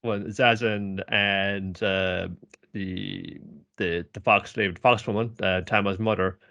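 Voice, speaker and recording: A man's voice: low voice, fairly even intonation, slow pace, creaky, bright, forceful tone, no echo, muffled recording. Rambling, easygoing man on a podcast. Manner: rambling, trails off, swears casually. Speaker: podcast co-host. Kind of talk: casual chat.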